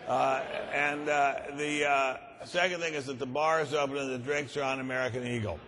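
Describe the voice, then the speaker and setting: A man's voice: mid-range voice, steady tone, moderate pace, a bit bright, lightly acted. A man doing a breezy, apologetic airline pilot. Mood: cheerfully apologetic. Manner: breezy, apologetic, many hesitant ums. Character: calm male airline pilot, cheerfully polite. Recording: long reverb of a large conference hall.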